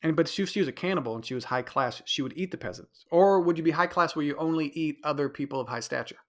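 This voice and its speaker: Talking quickly in a slightly high voice, this solo podcast host keeps things casual, rambling and cutting himself off to make corrections. His nose sounds a bit stuffy, and he imitates other people by raising his voice.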